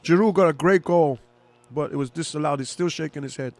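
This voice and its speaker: Fairly quick and fairly high-pitched, this man offers informal live football commentary from a fan's perspective. Talkative and easily excited, he cheers for one side.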